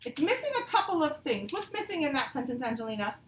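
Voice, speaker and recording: Woman teacher, high voice, patient and encouraging, slow example reading, echoey classroom, distant mic. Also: sing-song, a little hiss or hum. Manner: patient, encouraging, reads example sentences slowly. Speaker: elementary school teacher. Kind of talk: classroom grammar lesson. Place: classroom, also streamed to pupils at home.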